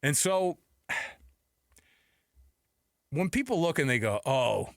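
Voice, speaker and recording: Animated man on sports radio. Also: on the high side, slow, dry recording, clean studio sound. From United States. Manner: emphatic, acts out quotes with rhetorical questions.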